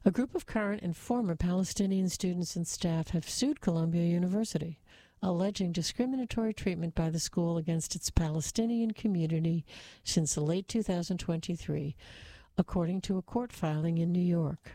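A woman reading news stories in a steady, even scripted delivery. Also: fairly low pitch, moderate pace, no room sound. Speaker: news reader.

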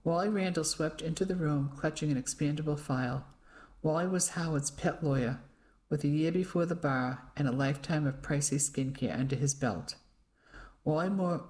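A radio reading-service reader narrating a first-person novel in a dry, even storytelling manner. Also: medium pitch. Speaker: audiobook reader.

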